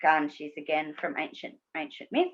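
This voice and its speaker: A woman's voice: low voice, big pitch swings, normal speed. A woman guest from Australia in a casual interview, chatty, laughing easily and restarting her sentences. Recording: dull lo-fi sound.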